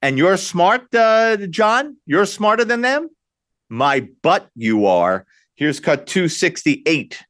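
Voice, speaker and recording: A male talk radio host argues with a sarcastic bite, firing off rhetorical questions. His fairly high voice swings widely up and down. The sound is dry and close, with no room around it. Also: sing-song, takes it slowly, a bit bright, dry recording.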